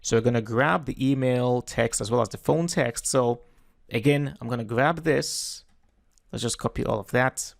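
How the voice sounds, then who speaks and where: A man giving a relaxed, step-by-step screen-recorded web design tutorial, correcting himself as he goes. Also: medium pitch, moderate pace, creaky, dry recording, clean studio sound.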